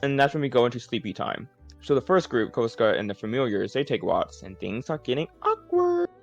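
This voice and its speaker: A man's voice: mid-range voice, wildly swooping pitch, fairly quick, gravelly, dull audio, soft background music. A man giving a casual, rambling recap of a tabletop game session, full of fillers and swearing. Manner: rambling, profane, lots of fillers.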